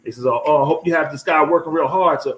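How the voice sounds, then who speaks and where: A man's voice: fairly high pitch, quick pace, poor audio. Rambling man telling a story on a live chat. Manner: rambling, repeats words, animated when quoting. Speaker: host.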